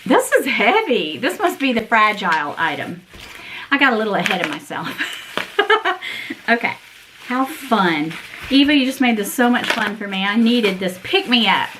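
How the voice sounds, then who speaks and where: A woman's voice: on the high side, sing-song, normal speed, long pauses, noisy background. A woman vlogger unboxing gifts in a casual chat, gushing and sentimental, often breaking into laughter. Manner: sentimental and emotional.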